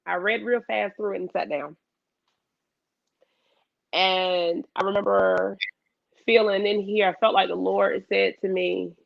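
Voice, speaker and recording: A woman guest in a casual chat, telling an animated story and acting out her own past lines. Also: medium pitch, unhurried, creaky, long pauses, no echo, lo-fi sound.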